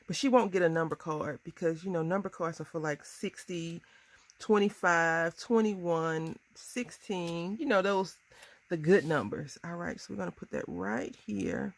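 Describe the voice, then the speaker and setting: A woman in her thirties chatting casually through a crafting tutorial, bubbly and quick to laugh at herself. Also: fairly low pitch, creaky. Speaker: crafting vlogger.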